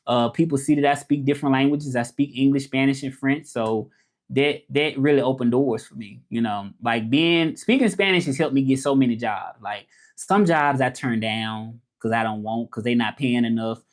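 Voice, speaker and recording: A man's voice: mid-range voice, moderate pace. A man with a Southern US accent hosts a casual livestream. His talk is loose and rambling. He answers viewers' comments as they come in. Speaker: livestream host and interpreter.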